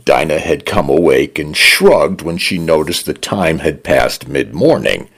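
A man narrating radio stories in a measured, expressive reading. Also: a bass voice, breathy edge. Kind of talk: scripted narration.

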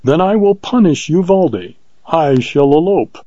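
A male narrator voicing a proud, spirited young woman in a storybook reading, lifting his pitch into a lilting tone. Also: animated, measured pace, mellow, dry recording, lo-fi sound. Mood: defiant. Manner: raised, lilting pitch with a light tone.

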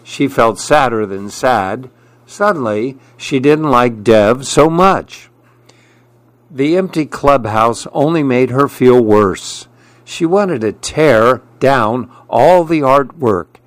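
A man reading a children's picture book aloud in a deliberate storytelling manner. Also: medium pitch, expressive, no echo. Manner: slow, deliberate read-aloud.

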